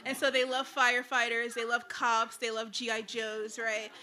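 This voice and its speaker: A young woman tells a true story from her own life to a listening crowd, in a loose, chatty way that leans hard on "like" and breaks into laughs at her own punchlines. Her voice sits a little high and rings bright and forward. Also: little pitch movement, moderate pace. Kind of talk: personal storytelling to an audience.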